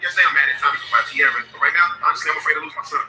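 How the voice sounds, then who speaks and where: Man in a reality TV clip, rapid bright delivery, echoey sound, faint music beneath. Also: on the high side, steady tone. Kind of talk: reality TV dialogue and confessional.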